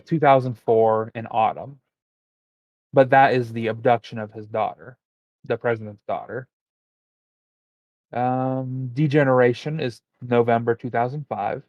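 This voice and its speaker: A man chatting on a podcast in a loose, rambling way, stopping to look details up as he goes. His voice sits at an ordinary pitch. The sound is dull and dry, with no room around it. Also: a little slow, pauses often, no echo. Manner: relaxed, rambling, looks things up as he talks. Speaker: podcast co-host. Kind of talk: casual chat.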